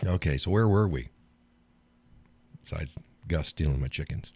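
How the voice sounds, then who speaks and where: A man hosting a live stream, chatting casually about food and his day, laughing often and talking in an animated, blunt way with some swearing. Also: very deep voice, normal speed, husky. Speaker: live stream show host. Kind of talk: casual chat reading viewer comments.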